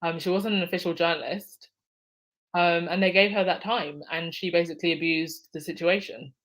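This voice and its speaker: A woman's voice: fairly low pitch, steady tone, normal speed, fairly bright tone, rough recording. A woman hosting a casual live stream, reading out viewer comments and answering them by name, laughing often. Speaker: livestream host reading chat.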